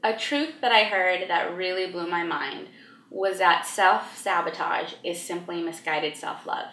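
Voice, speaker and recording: A woman answering an interview question in a clear, explanatory way. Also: on the low side, measured pace, pushed and bright. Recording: roomy echo.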